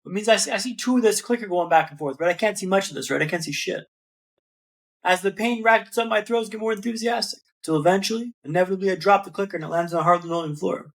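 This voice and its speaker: A man with a notably high voice tells his story as a podcast guest. He builds each scene in rhythmic repeated phrases and keeps calling the host "man". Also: fast, creaky. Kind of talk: dramatic storytelling in an interview.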